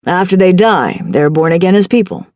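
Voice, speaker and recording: A woman voicing a gentle older man, a loving uncle who speaks softly and consolingly. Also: lowish voice, big pitch swings, normal speed, dry recording, studio quality. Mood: gentle explaining. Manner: soft, tender, consoling.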